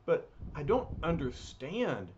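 Guy reading a gentle caring young woman, soothing, slow, muffled audio. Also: fairly high pitch, huge pitch swings, heavily acted. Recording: muffled lo-fi recording, faint hiss.

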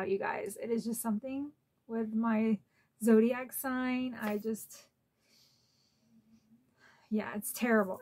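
A woman's voice: fairly high pitch, a bit bright. A woman hosting a casual unboxing vlog at home, chatty and openly emotional, close to tears at times. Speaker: collector channel host.

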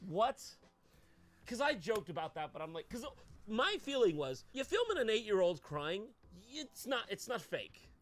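Animated joking male interviewer. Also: sits high, normal speed. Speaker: host interviewer. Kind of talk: casual interview chat.

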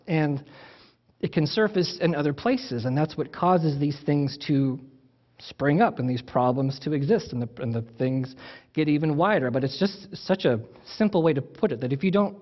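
A man's voice: on the high side, lo-fi sound. A man preaching a sermon in a conversational, teaching way, often restarting his phrases. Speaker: pastor.

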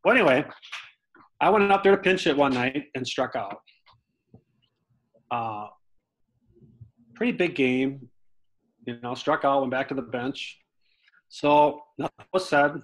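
Animated man telling baseball stories. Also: mid-range voice, unhurried, pauses often, poor audio. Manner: animated storyteller who acts out quotes with swearing. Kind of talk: casual storytelling interview.

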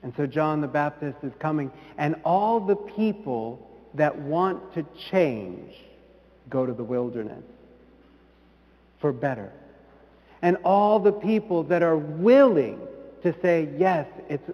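A priest giving a sermon in an earnest way, rising to emphatic peaks and then dropping soft. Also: male voice, fairly high pitch, big-room sound, highs cut off. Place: church.

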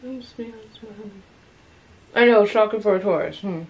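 A young woman hosts a casual chat at home with a playful, joking manner. Her voice sits at a middle pitch and is recorded on a phone camera. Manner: playful, joking, quick to laugh. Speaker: host. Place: home, indoors.

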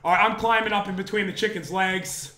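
Hoarse man doing gameplay commentary. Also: sits high, fairly even intonation, brisk, bright, forceful tone, echoey room, a little hiss or hum. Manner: joking, laughing often. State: hoarse from a cold. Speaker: gaming channel host.

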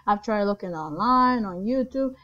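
A young woman casually commentating her own game play at home into headphones, rambling and excitable with lots of fillers. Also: medium pitch, moderate pace. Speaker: gaming channel host. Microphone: headphone mic. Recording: dull lo-fi headphone mic with faint music.

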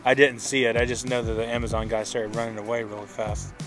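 A man's voice: medium pitch, flat delivery, fast, music in the background. A man hosting a casual vlog from home, chatty and rambling, often restarting his phrases. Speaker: vlog host.

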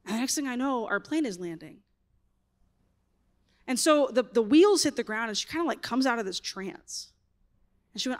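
A woman's voice: on the high side, moderate pace, long pauses. Chatty woman telling a story. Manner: animated storytelling with frequent "like" fillers. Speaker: speaker. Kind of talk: storytelling conference talk.

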